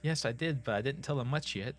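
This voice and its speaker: A man's voice: mid-range voice, a little fast, faint music behind, pitched above the performer's own voice, natural voice. A man voicing a frightened teenage schoolgirl in a video game, nervous and questioning.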